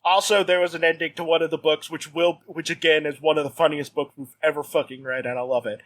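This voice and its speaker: A man's voice: a little high, steady tone, fast, a bit bright. A man co-hosting a podcast, chatting casually and rambling with lots of fillers. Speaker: podcast co-host. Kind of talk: casual chat.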